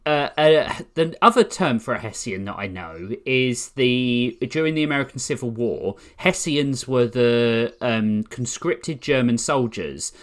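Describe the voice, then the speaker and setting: A man's voice: mid-range voice, unhurried, hardly any pauses, a bit bright. A man in his forties co-hosting a podcast in casual chat, rambling and correcting himself as he goes. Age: 40s. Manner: rambling, self-correcting, fillers. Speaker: podcast co-host.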